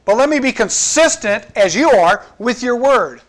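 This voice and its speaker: A man's voice: very high-pitched, lively intonation, normal speed, fairly bright tone. A man preaching a sermon in an earnest, conversational way, asking the congregation questions and quoting scripture. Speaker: pastor.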